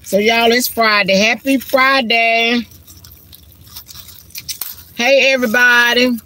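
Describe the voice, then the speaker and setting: A woman with a slightly high, sharp voice speaks slowly and steadily while live streaming from her car on a handheld phone. She's chatty and folksy, addressing viewers as girl and honey.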